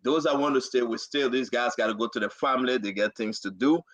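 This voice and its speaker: A man hosting and moderating a call-in talk show, animated and directing callers. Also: mid-range voice, quick pace, lo-fi sound.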